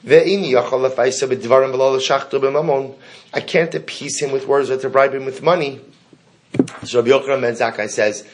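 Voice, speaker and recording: A man's voice: mid-range voice, steady tone, brisk. A man teaching a Talmud class to students, chanting the text in Hebrew and explaining it in English. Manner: asks the class questions. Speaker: Torah teacher.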